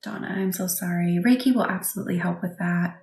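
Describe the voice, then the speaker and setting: Soft-spoken woman in an echoey room. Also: fairly low pitch, quick pace, creaky. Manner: soft, reassuring, often drops to a whisper. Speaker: Reiki practitioner hosting a live session. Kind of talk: livestream chat with viewers. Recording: echoey room with faint background noise.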